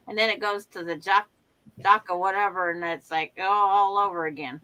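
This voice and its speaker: A woman hosts a casual sewing livestream over a video call from home, spinning chatty stories and acting out the quotes in them. Her mid-range voice is steady, pushed, and bright at a normal speed. The recording is low quality with slight background noise.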